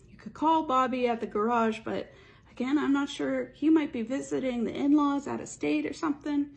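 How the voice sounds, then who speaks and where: A woman voicing a cautious small-town father who hedges and hesitates, with a gravelly tone. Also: high-pitched, normal speed, darkish tone, voice pushed up. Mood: hesitant.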